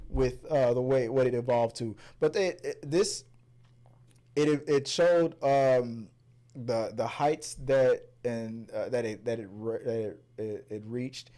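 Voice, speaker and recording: A man in his thirties hosting a casual movie review chat, stumbling over and repeating words, breaking into loud laughs. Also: mid-range voice, fairly even intonation, unhurried.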